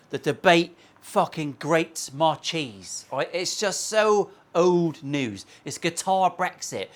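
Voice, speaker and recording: A man, a guitar maker and channel host, ranting bluntly and profanely in a casual opinion vlog from his workshop. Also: a little high.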